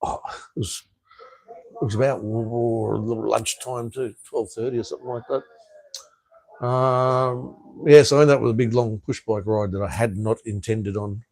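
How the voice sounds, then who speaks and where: Gravelly, rambling man. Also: medium pitch, a little mellow, no echo. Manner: rambling, swears freely, lots of ums and restarts. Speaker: livestream host. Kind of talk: casual live-stream chat.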